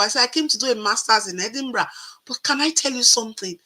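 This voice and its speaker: Bright-voiced woman telling her story. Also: a little high, fast talker, low-quality recording. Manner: animated, acts out quoted voices. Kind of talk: casual storytelling.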